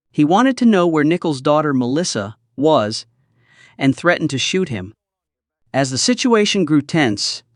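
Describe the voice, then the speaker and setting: Lively male movie recap narrator. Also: medium pitch, dry recording, studio quality. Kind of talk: scripted narration.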